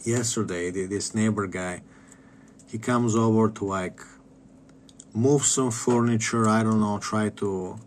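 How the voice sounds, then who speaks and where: A man streaming a game, rambling in a profane, contemptuous rant that keeps trailing off into low mutters. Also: fairly even intonation, measured pace, a little hiss or hum. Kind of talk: casual rant while gaming.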